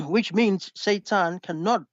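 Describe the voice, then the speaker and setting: High-voiced man on a dull lo-fi call. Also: takes it slowly, no echo. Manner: insistent, keeps asking to explain, laughs often. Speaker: debate caller. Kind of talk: live online debate. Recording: dull dry lo-fi call audio.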